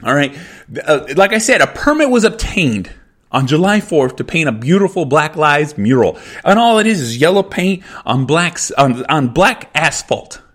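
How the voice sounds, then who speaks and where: A man's voice: a little high, sing-song, normal speed, a bit bright. A man from California hosting a podcast, ranting angrily in a heated, profane, repetitive way. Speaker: podcast host. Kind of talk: angry podcast rant.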